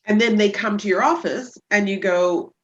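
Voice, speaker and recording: A woman chiropractor talking about her patients as a guest on a casual podcast interview, telling stories with lively energy. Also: normal speed, muffled recording. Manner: lively storyteller who acts out patients in high voices.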